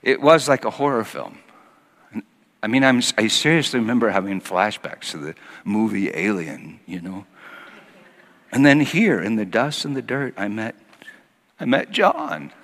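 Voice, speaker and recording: A man preaching a sermon as pastor, telling a personal story and moving from hushed passages to loud acted quotes. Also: fairly low pitch, big pitch swings, a little slow, pauses often. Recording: long hall reverb.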